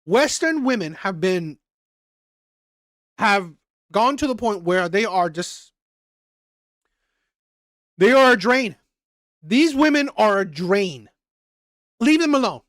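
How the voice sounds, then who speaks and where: A man's voice: sits high, big pitch swings, slow pace, pauses often, a bit bright, no echo. A man hosts live reaction commentary in a fired-up, expletive-heavy rant. He loops back over the same phrases again and again to drive each point home. His voice comes through close and dry, with no room sound around it. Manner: heated, repetitive, profane. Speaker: reaction channel host. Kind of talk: ranting live commentary reading chat.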